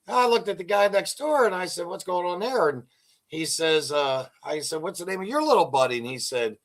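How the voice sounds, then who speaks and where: A man's voice: a little high, animated, a little fast, a bit bright. An older man hosting an interview, telling long rambling jokes and anecdotes and acting out their dialogue. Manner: rambling storyteller, acts out joke dialogue. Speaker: podcast host. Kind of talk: casual interview chat.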